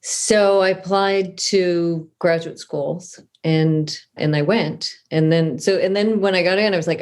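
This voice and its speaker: A woman's voice: low-pitched, steady tone, normal speed, hardly any pauses, a little mellow. A middle-aged woman from Southern California, an author telling stories in a casual interview, chatty and self-deprecating with many restarts. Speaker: author guest. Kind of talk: conversational interview storytelling.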